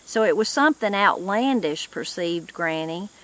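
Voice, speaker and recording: A woman hosting her channel, reading a novel aloud with measured storytelling. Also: lowish voice, animated, fairly bright tone. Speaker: reader, channel host.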